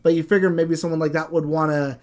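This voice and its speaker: A man's voice: on the high side, flat delivery, fast, darkish tone. A man co-hosting a casual gaming podcast, hedging his points and trailing off. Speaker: podcast co-host.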